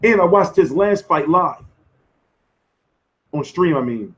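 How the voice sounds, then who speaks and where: Hoarse guy on a boxing stream, kinda high voice, slangy and cussing a lot. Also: expressive, takes it slowly, fairly bright tone. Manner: loose, profane, slangy banter answering chat. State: losing his voice. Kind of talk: casual live-stream chat.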